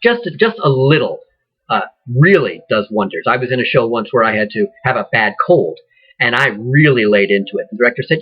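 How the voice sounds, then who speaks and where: A man teaching acting, speaking in a conversational, rambling way with many ums and restarts, his voice husky. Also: medium pitch, big pitch swings, a little fast, muffled recording. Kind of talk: informal lecture.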